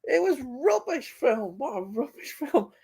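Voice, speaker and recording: A man's voice: extremely high pitch, sing-song, unhurried, gravelly. A man, co-hosting a film chat live stream, reading out chat comments and teasing his co-host with frequent laughs.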